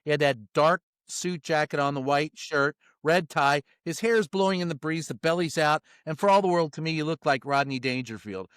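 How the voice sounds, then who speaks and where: Animated middle-aged male storyteller. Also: fairly high pitch, normal speed, few pauses, clean tone, no room sound, studio quality. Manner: animated storyteller who acts out quotes and laughs mid-sentence; blunt, salty wording. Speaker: White House reporter, guest. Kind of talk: casual storytelling interview.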